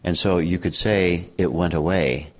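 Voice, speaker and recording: Deep-voiced older man telling stories calmly. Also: measured pace. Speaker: meditation teacher. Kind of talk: reflective storytelling.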